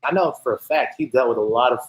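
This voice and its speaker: Male business founder, interview guest, mid-pitched, easygoing storyteller, roomy echo. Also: fast. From US South. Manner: relaxed, rambling storytelling. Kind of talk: casual interview conversation.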